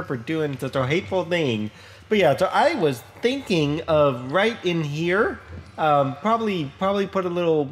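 A man's voice: on the high side, slight background noise. A man hosting a casual let's play, chatting his way through a building session with lots of fillers, restarts and self-deprecating remarks. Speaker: Minecraft let's play host. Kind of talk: casual gameplay commentary.

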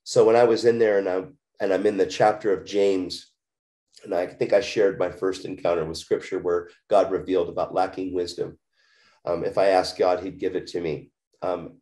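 Deep-voiced man telling an earnest story. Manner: earnest, animated storytelling with many restarts. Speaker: guest. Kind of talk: testimony in an interview.

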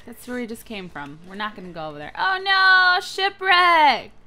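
A young woman hosting a gaming channel, giving excitable, playful let's-play commentary with frequent squeals and giggles. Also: lowish voice, fast talker.

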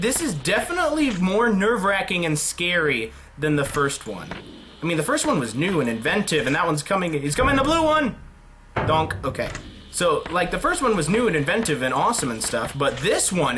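A man giving excitable let's play commentary on a horror game, yelping and shrieking when startled. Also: high-pitched. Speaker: gaming commentator. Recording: game music behind the voice.

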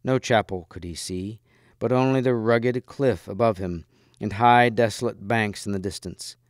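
Measured man reading a storybook aloud. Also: on the low side, no room sound, studio quality. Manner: measured, expressive narration. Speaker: reader.

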